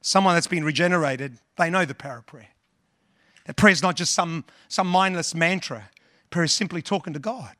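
A man's voice: fairly high pitch, brisk, pushed and bright, no echo, clean studio sound. A male pastor preaching earnestly, often repeating words and quoting scripture and hymns. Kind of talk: sermon.

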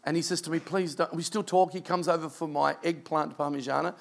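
A man's voice: fairly high pitch, fairly even intonation, fairly quick, gravelly. A male pastor preaching a sermon and telling an emotional story in an earnest way.

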